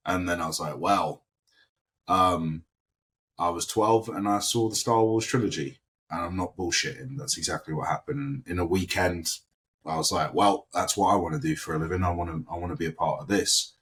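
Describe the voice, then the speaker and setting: Man from London, very low voice, animated anecdote, quoted impressions, casual interview guest. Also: normal speed. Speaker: actor guest.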